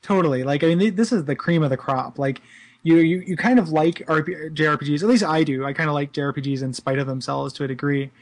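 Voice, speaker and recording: Excitable man co-hosting a podcast. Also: a little high, fast. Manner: enthusiastic, repeats words, lots of fillers like "like". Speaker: podcast co-host. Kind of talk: casual podcast chat.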